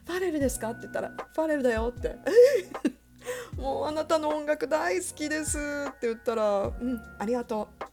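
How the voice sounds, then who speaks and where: A woman radio host telling stories in casual chat, animated and laughing often. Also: sits high, racing, vocal fry, faint music behind.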